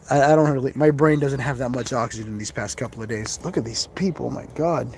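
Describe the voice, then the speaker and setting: A man with a medium-pitched voice talks a little fast while hosting a live ghost-hunting stream outdoors in a cemetery. As he explores, he chats casually and rambles, tossing in laughs and asides.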